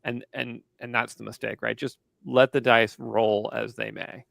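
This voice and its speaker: A man on a video call panel, telling game stories in an animated, casual way and acting out his players' shouts. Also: mid-range voice, a little slow, vocal fry, no echo. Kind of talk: casual storytelling.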